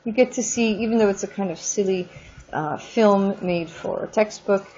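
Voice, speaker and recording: A woman teaching a French class in a recorded lesson, drawing out words slowly for pronunciation drills and adding casual asides. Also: medium pitch, warm tone, muffled recording.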